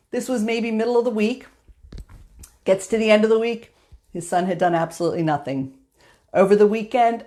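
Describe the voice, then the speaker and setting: A woman's voice: medium pitch, darkish tone. A woman hosting a motivational live stream, telling a story in a chatty way with filler words. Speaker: host.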